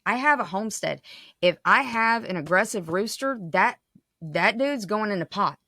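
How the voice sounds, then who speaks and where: A woman's voice: mid-range voice, lively intonation, moderate pace, bright, forceful tone, dry recording, studio quality. A woman hosting a podcast, talking in a passionate, casual monologue that keeps checking in with "right?". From United States. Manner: passionate, frequent "right?" tags. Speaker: podcast host.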